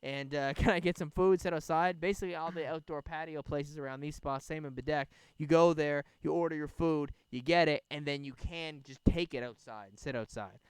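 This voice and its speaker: A young podcast host with a clean, somewhat high voice talks a little fast with few pauses, recorded dry on a podcast microphone. Sitting outdoors by a bonfire, he tells a rambling, profane story, retelling it animatedly in casual chat.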